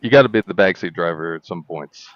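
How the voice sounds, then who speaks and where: A man's voice: low voice, fast, dry recording, highs cut off. A man hosting a casual podcast, stammering and repeating words as he works toward his point.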